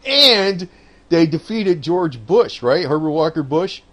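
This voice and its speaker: Man, casual political rant, lively swinging pitch, profane and laughing, loose delivery. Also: takes it slowly. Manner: rambling, profane, laughs often, frequent "man" and "I don't know". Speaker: political commentator. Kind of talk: casual rambling monologue.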